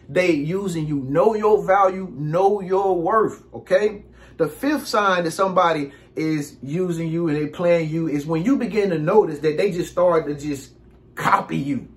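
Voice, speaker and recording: Guy with aave preaching relationship advice, high voice, animated. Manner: animated, preachy, acts out quick impressions. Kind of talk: casual advice monologue.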